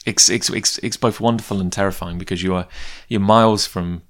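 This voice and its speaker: Man, very deep voice, casual storytelling, rambling, tangents, self-deprecating. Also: steady tone, fairly quick. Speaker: comic book creator.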